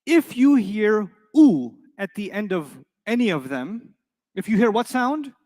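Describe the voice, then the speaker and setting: Man, middle-aged, high voice, playful classroom teacher, quizzes the room. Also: very animated, a little slow, a little mellow, big-room sound. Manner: playful, asks the class questions and answers himself. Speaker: Arabic teacher. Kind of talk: live classroom lesson. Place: classroom with a live audience.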